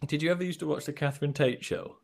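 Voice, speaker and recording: A man's voice: a little high, steady tone, very fast, gravelly. A young man co-hosting a casual motoring podcast, teasing his co-host with dry humour. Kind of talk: casual chat.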